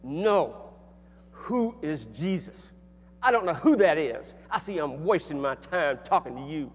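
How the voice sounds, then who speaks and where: A man acting out a furious shouting old professor. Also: a little high, expressive, unhurried, slightly rough, soft background music, pitched above the performer's own voice. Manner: screaming through gritted teeth. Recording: echoey hall with faint hum.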